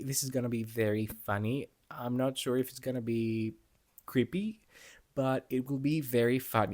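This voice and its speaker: A man giving a casual, animated book talk on his vlog, chatting through his thoughts and laughing often. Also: medium pitch. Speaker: book reviewer.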